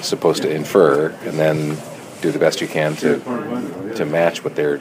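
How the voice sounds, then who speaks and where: A voice actor being interviewed at a press junket, answering with dry, deadpan jokes. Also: male voice, rumbling low, moderate pace, a crowd in the background. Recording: crowded noisy press room.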